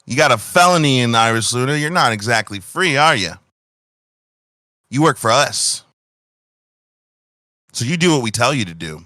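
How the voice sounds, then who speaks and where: A man's voice: medium pitch, expressive, normal speed, long pauses, sharp tone, dry recording, clean studio sound. A man voicing a smug, bullying male train officer in a tabletop game. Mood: threatening. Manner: taunting, smug.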